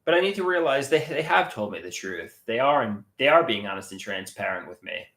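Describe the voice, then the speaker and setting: Man, livestream chat, greets viewers, lively voice, echoey room. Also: medium pitch, fairly quick. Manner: reads viewer comments aloud and greets chatters.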